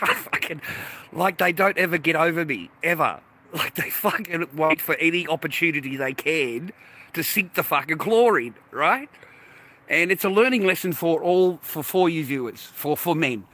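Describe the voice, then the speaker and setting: A man's voice: fairly high pitch, bright, forceful tone, slight background noise. A man venting to his viewers in an indignant, swear-filled rant while out on a walk. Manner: indignant, swears constantly, talks straight to viewers. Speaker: vlogger. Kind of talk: profane to-camera rant. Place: outdoors on a walk.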